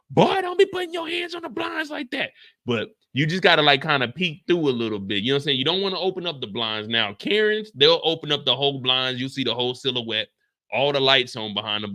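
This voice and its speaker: A man hosting a comedic TV after-show, riffing in an animated, jokey way with wild swings in pitch. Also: no room sound, studio quality. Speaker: show host.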